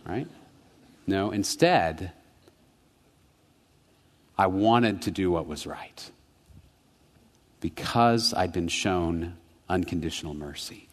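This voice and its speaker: A man preaching a sermon, telling a childhood story, swinging from hushed, slow reflection to quick, animated retelling. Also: on the low side. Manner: storytelling, rising to animated intensity then dropping soft. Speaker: pastor. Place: church sanctuary. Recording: long church reverb.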